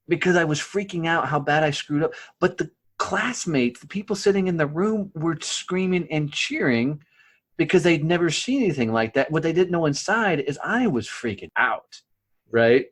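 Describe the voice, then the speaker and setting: A man's voice: fairly high pitch, expressive, normal speed, a bit bright, slightly rough. A middle-aged man from the rural United States, a podcast guest telling stories in a blunt, profane way and often checking in with "right?". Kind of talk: casual storytelling.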